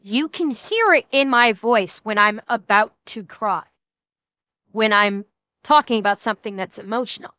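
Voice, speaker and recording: High, bright-voiced sarcastic woman streamer. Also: normal speed, dry recording. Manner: chatty, sarcastic, talks straight to chat. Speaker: streamer reacting to a video. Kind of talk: casual live-stream commentary.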